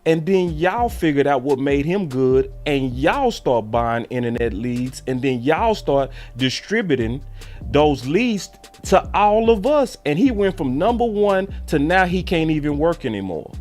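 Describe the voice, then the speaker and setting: A man telling a story in a casual, animated way and acting out the voices of the people he quotes. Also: on the high side, unhurried, faint music behind. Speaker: sports show host.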